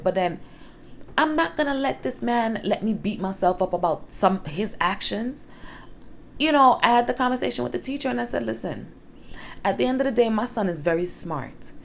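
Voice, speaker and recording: A young single mother speaks straight to the camera, telling a personal story frankly and with strong emphasis. Her voice sits on the low side, and her casual swearing slips in naturally. A faint hum sits under the recording.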